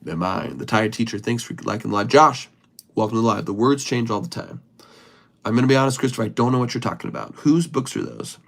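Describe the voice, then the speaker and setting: A man hosts a relaxed livestream, reading viewer comments aloud and riffing on them with playful humor. His mid-pitched voice has a gravelly, creaky texture. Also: fast talker. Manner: playful, chatty, greets viewers by name. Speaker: improv comedian hosting a livestream.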